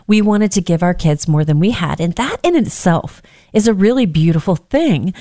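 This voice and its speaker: A woman's voice: lowish voice, mellow, no room sound, studio quality. An American woman hosting a reflective faith-based talk, telling personal stories in an earnest way with self-deprecating asides. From United States.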